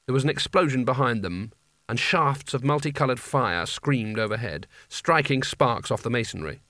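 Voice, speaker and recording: A man narrates a comic fantasy audiobook with dry, wry timing. His voice sits at an ordinary middle pitch. The recording is close and dry, with no room sound. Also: lively intonation, normal speed, fairly bright tone, dry recording. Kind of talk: scripted narration.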